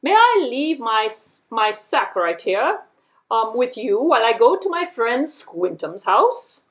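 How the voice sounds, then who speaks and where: A sly storybook fox with a sack, as a woman puppeteer puts him on, courteous but firm as he gives orders. His voice sits a bit lower and louder than the storyteller's, with lively swings in pitch. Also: takes it slowly, poor audio. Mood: polite, firm.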